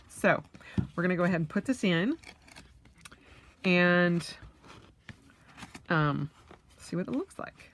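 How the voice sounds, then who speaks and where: Slow-talking woman unboxing, chatty. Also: sits low, a bit bright, a little hiss or hum. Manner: chatty, thinking aloud with frequent fillers and squeals of delight. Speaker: vlogger. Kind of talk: casual unboxing vlog.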